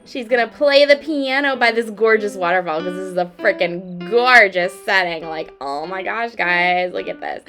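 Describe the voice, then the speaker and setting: Bright-voiced woman narrating gameplay sarcastically. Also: mid-range voice, normal speed, soft background music. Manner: sarcastic, playful; gets loud and excited. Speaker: let's play creator. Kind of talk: casual game commentary.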